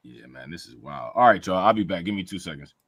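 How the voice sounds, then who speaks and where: A man's voice: low voice, lively intonation, quick pace, fairly bright tone, husky, dry recording. A man hosting a livestream, talking in a laid-back, slangy way while fixing technical trouble. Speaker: stream host. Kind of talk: casual livestream chat.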